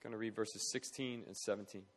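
A man's voice: on the low side, fairly even intonation, fairly quick. A man preaching a sermon in an earnest, conversational way, with fillers and restarts. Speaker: preacher for an orphan charity.

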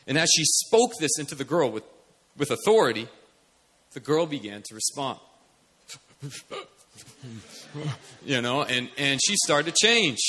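A man preaching a sermon, animated, shifting from soft mimicry to loud commands. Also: a little high. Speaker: pastor.

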